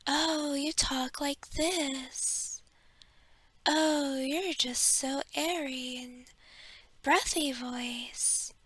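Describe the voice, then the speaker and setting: A woman putting on the voice of a mother mocking her child, slow and soft in a sing-song way. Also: high voice, steady tone, no room sound, exaggerated voice.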